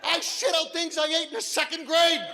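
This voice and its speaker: A man in his fifties performing a stand-up comedy set, telling big, animated stories on a stage mic in a live hall. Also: very high-pitched, normal speed, a faint crowd. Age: 50s. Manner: big animated storytelling, drops to quiet voices for quoted doctor. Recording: live hall with audience laughter.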